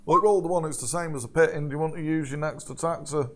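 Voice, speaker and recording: A man's voice: a little high, fairly even intonation, rapid-fire, fairly bright tone. A man narrating as game master of a tabletop game, playful and laughing often.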